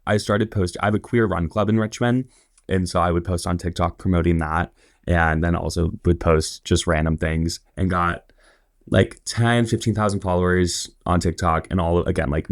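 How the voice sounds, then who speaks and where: A young man in his twenties with a low voice and a gravelly edge, chatting as a podcast guest. He rambles through his stories, full of fillers and quoted asides. The sound is close and dry. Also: fairly even intonation, normal speed, dry recording. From Indiana. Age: 20s. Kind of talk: casual interview storytelling.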